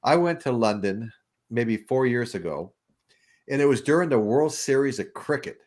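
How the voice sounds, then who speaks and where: A man's voice: mid-range voice, animated, normal speed, darkish tone. A man hosting a podcast, telling a long story in a rambling way with restarts. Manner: rambling, with repeated restarts and laughs. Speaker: podcast host. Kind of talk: casual storytelling chat.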